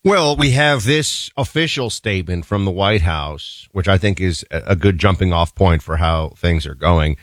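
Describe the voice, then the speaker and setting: A man with a lowish voice co-hosts a talk show, riffing on the day's news with wry, animated commentary. The sound is dry and close, with no room echo. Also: normal speed, hardly any pauses. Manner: animated, wry, laughs at own points. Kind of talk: casual political commentary.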